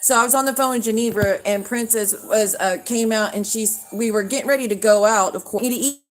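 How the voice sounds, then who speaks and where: A woman's voice: fairly high pitch, brisk. A woman, hosting a livestream and ranting at viewers, swearing and calling them out by name. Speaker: livestream host. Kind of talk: casual livestream rant.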